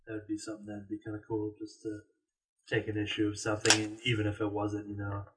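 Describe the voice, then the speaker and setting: A man's voice: fairly low pitch, monotone, quick pace, very noisy. A man co-hosting a casual podcast from a store, rambling with lots of fillers. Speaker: podcast co-host. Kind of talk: casual chat. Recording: distant from the mic.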